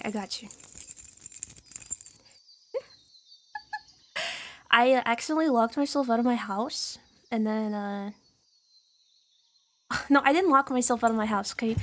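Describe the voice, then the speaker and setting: Giggly high-voiced woman streamer. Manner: giggly, rambling and sweary. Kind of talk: casual live-stream chat.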